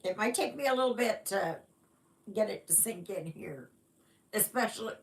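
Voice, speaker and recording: A Canadian woman hosts a casual stitching livestream, chatting unhurriedly and rambling with fillers as she reads viewers' comments aloud to greet them. Her mid-range voice is creaky with lively intonation.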